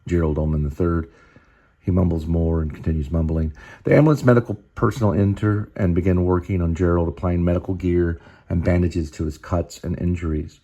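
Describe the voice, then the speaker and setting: A man's voice: deep voice, steady tone, fairly quick, dark tone. A man reading his own screenplay aloud, stopping often to explain and think aloud.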